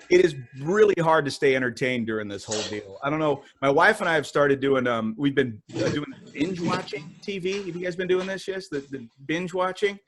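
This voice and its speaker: A man doing stand-up from home on a video call, rambling and giggling through jokes about his marriage. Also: on the high side. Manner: rambling, giggly, self-mocking. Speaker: stand-up comedian.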